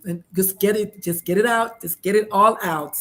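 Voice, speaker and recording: A woman hosting an interview, talking excitedly with many restarts and acted-out quotes. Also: mid-range voice, normal speed, slight background noise. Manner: excitable, animated, lots of restarts and quoted voices. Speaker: host. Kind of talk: casual chat.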